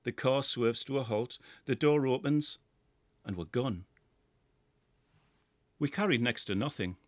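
A middle-aged man with a Geordie accent, reading a first-person story in a measured, lyrical way. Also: mid-range voice, animated, no echo. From North East England. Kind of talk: scripted first-person narration.

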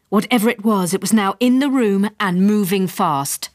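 A woman's voice: medium pitch, normal speed, dry recording, studio quality. Woman reading a comic memoir. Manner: lively comic storytelling, rising with excitement. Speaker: author reading her own memoir. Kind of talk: storybook reading. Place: radio studio.

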